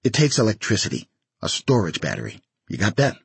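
A husky-voiced man voicing a crude, bossy middle-aged explosives seller who teases a lot, in a dry recording. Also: fairly low pitch, wildly swooping pitch, fairly quick, no room sound, exaggerated voice. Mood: matter-of-fact.

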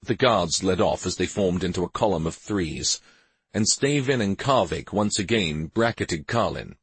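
A man reading a story aloud as narrator, in an unhurried, expressive way. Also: sits low, slightly rough, no echo. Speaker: audiobook narrator. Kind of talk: scripted narration.

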